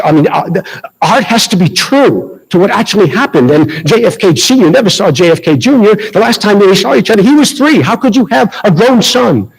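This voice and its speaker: A man's voice: fairly high pitch, breathy edge, rough recording. A middle-aged man with a Boston accent, telling a self-deprecating story in a speech at a school ceremony. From Massachusetts. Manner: anecdotal, self-deprecating, lively retelling. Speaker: ceremony speaker. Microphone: handheld mic.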